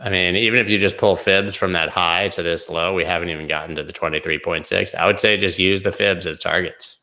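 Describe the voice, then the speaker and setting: A man's voice: sits low, steady tone, brisk, bright, forceful tone. A man hosting a live crypto stream, talking casually and loosely over price charts with slang and asides. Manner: loose, rambling, slangy, hums and sings snippets. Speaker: crypto show host.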